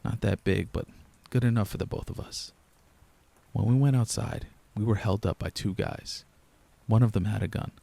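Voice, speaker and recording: A young man reading a first-person horror story aloud in a low-key, steady storyteller's way. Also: moderate pace, creaky. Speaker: narrator. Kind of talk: scripted horror narration.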